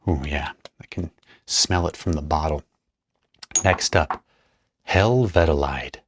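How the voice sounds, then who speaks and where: Deep-voiced man talking through a hands-on demo. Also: slow, no room sound. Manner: thinks aloud while working, chatty asides. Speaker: perfumer demonstrating a blend. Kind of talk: casual hands-on tutorial narration.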